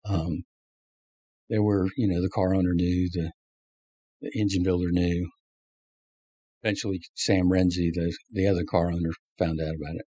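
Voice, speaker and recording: This former race crew chief has a low, husky voice, a moderate pace, and long pauses, recorded with no room sound. Telling stories in an interview, he acts out the quotes with animation and laughs frequently.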